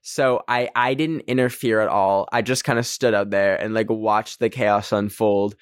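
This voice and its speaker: A man's voice: lowish voice, moderate pace, smooth, no room sound, studio quality. A young man from Canada hosting a podcast, telling a casual story with lots of "like" and acted-out quotes. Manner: animated, heavy use of "like", acts out quotes in raised voices. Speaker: podcast host.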